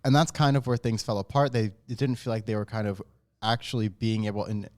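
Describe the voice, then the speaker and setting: Measured male esports co-caster. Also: on the low side, a little mellow. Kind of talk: live esports commentary.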